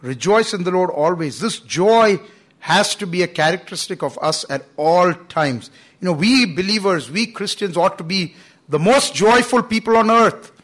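A man's voice: sits high, expressive, moderate pace, a bit bright. A man preaching a sermon, earnest and emphatic, with frequent "you know" fillers. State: coughing at times.

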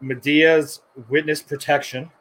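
A man's voice: on the high side, flat delivery, a little slow, fairly bright tone, rough recording. A man in his thirties co-hosting a podcast, laughing and swearing as he jokes. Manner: laughing, profane joking. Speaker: podcast co-host. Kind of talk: casual podcast banter.

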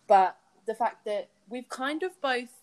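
A woman's voice: fairly high pitch, expressive, unhurried, a little mellow. A young woman hosting a podcast, chatting animatedly with a friend and laughing often. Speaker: podcast host. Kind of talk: casual chat between friends. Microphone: remote call app.

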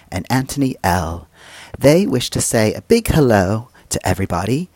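A man hosting a small radio show, with a low, husky voice and an unhurried delivery. His tone is gentle, polite and self-deprecating. The sound is dry and close, with faint music in the background. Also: no room sound. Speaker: school radio presenter. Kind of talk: relaxed radio shout-outs.

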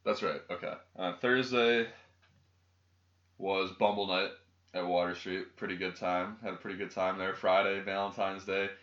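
A man's voice: sits low, flat delivery, moderate pace, fairly bright tone. A young man co-hosting a casual podcast, telling rambling, profane stories. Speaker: podcast co-host. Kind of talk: casual chat. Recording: lo-fi echoey room.

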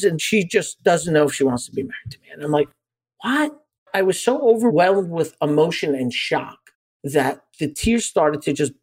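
A life coach in his forties, speaking as a podcast guest, tells a personal story earnestly and candidly. His voice sits on the high side, and he grows animated when retelling conversations.

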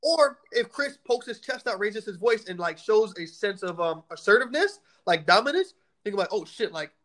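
A young man in his twenties with a high voice and a quick, tumbling delivery. He co-hosts a casual podcast and tells stories in blunt, profane, animated bursts. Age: 20s. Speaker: podcast co-host. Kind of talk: casual chat.

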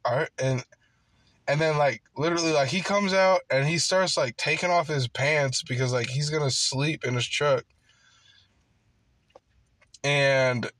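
A man's voice: on the high side, fairly bright tone, dry recording. Rambling, cursing young-sounding man. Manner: rambling, heavy swearing, many fillers like "like". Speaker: worker on a night job. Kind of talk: casual storytelling monologue.

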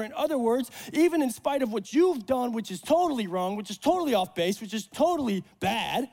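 A man preaching a sermon at a church service, animated and joking, acting out the voices in the Bible stories. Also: extremely high pitch, fairly quick, few pauses. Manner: animated, acts out Bible voices, jokes with congregation. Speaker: pastor.

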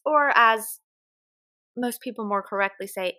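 A woman with a Southern US accent chats casually as a podcast co-host. Her voice is bright and a bit high, and she tells stories in an animated, chatty way. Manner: chatty, animated storytelling with quick laughs. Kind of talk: casual chat.

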